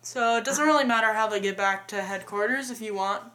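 A woman's voice: mid-range voice, a little fast, a bit bright. A woman co-hosting a casual movie review, earnestly retelling the plot step by step.

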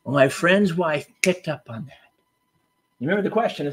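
A preacher delivering a sermon, emphatic and storytelling, swinging from loud bursts to hushed asides. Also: male voice, on the high side, lively intonation, normal speed, a little hiss or hum.

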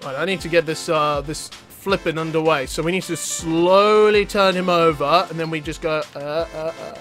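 A man yelping and joking through animated gameplay commentary. His voice runs high for a man, with faint music behind. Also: normal speed. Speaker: gaming YouTuber.

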